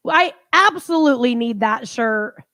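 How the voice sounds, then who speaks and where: A woman's voice: on the high side, animated, measured pace, bright, forceful tone, dry recording, studio quality. A woman co-hosting a live stream, teasing her partner and laughing often. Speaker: co-host. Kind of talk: casual live-stream chat.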